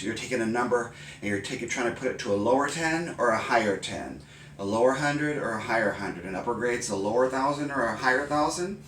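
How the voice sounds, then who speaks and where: A middle-aged man walks teachers through a math routine, calling out each term and hammering it home with a loud karate grunt. He sounds like he is standing back from the mic in a roomy space, with a faint hiss underneath. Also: on the low side, normal speed, recorded from a distance. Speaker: math and writing consultant.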